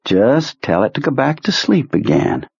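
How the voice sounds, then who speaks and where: A male audiobook narrator voicing a hard-bitten commander who talks in a sardonic, mock-tender way, with a husky tone. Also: medium pitch, very animated, moderate pace, darkish tone, no echo, voice pushed up, full character voice. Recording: muffled lo-fi recording.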